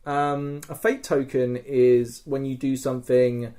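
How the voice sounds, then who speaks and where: A man co-hosting a podcast, telling a story in a casual, excitable way, swearing often and acting out other people's lines. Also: medium pitch, unhurried. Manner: swears a lot, animated retelling with quoted voices. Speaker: podcast co-host.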